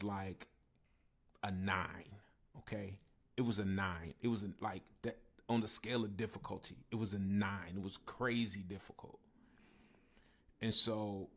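Male pastor, low husky voice, loose storytelling with fillers. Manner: conversational, with fillers and repeated phrases. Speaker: pastor and musician. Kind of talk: personal storytelling talk.

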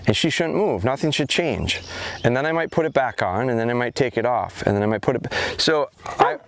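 A middle-aged man, a dog trainer, talking through an outdoor training session in a calm, plain-spoken way, recorded outside on a camera mic. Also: medium pitch, fairly quick. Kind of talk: casual instructional vlog. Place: outdoors in a yard.

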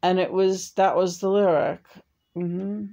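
A woman's voice: on the low side, fairly even intonation, unhurried, creaky, warm tone, voice pushed up. A woman channeling the spirit of a dead man who rambles, hesitates and makes crude jokes. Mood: rambling.

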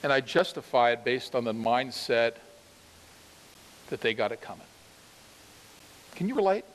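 A man preaching a sermon to his congregation, animated and emphatic, asking them questions directly. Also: medium pitch, unhurried, long reverb tail, slight background noise. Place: church sanctuary.

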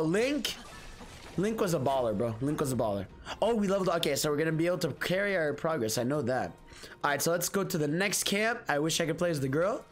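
A high-voiced man commentating his own gameplay in an excitable rush, swearing and tossing "bro" into nearly every line. His pitch leaps around constantly. Faint music plays underneath. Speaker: gaming streamer. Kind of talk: excited let's-play commentary.

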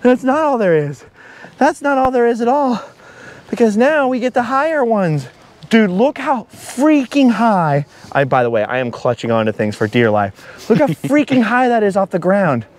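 A middle-aged man vlogging outdoors from a high forest walkway, nervous and breathless, laughing at himself and repeating his worries. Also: sing-song, moderate pace. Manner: jittery and self-mocking, laughs often, repeats himself. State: breathless from nerves. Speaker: travel vlogger. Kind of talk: nervous chatter to camera while walking a treetop trail.

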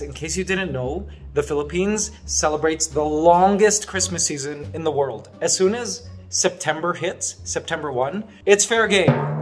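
A man from Canada in his thirties, vlogging casually from his farmhouse and gushing to his viewers with excitement and emotion. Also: fairly high pitch. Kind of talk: casual vlog. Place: farmhouse under construction.

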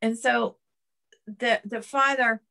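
Fervent woman preacher, bright gravelly voice. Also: fairly high pitch, fairly even intonation, slow pace. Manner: fervent, repetitive declarations with frequent restarts. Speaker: prophetess preaching. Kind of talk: sermon.

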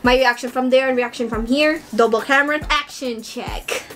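A young woman, gushing with excitement as she chats through an unboxing vlog. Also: sits high, normal speed. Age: young adult. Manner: gushing, squealing fangirl excitement. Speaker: vlogger.

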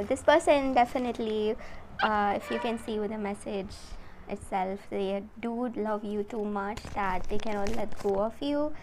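A woman hosts a tarot reading vlog, talking straight to her viewers in a soft, emotional way. Her voice sits a little high. A faint background hum runs under the recording. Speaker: tarot reader.

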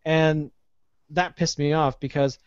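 A man, hosting a casual podcast chat and telling an animated, ranting story with plenty of swearing. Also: fairly high pitch, takes it slowly, smooth, no room sound. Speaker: podcast host. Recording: dull lo-fi podcast audio.

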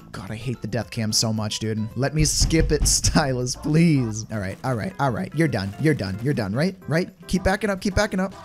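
A man's voice: medium pitch, expressive, moderate pace, few pauses. Young man rambling over gameplay. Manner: rambling, jokey, self-mocking, easily exasperated. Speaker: gaming YouTuber. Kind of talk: casual gameplay commentary. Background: game background music.

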